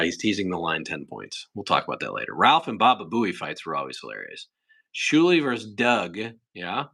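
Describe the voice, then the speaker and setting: Answering chat questions in a rambling way, a young livestream host keeps things casual and occasionally slips into shrill impressions. His tone is a bit bright.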